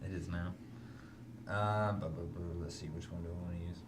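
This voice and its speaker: A man's voice: low voice, fairly even intonation, moderate pace. A man playing a tabletop game, laid-back and joking. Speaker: player. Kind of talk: casual chat. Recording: clear background hiss.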